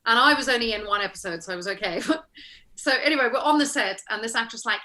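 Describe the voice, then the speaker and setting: A woman from South Africa, an actress being interviewed over a video call, chatting casually and telling animated stories with frequent laughter. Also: on the high side, brisk. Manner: chatty, animated storyteller who laughs often. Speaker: actress guest.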